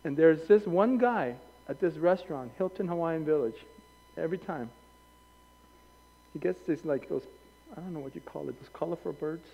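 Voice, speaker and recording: A male pastor preaching a sermon in an animated way, acting out voices and wandering into anecdotes with self-corrections. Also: on the high side, moderate pace, creaky, pauses often, slightly rough, long reverb tail, poor audio. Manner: animated, acts out quoted voices. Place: church hall.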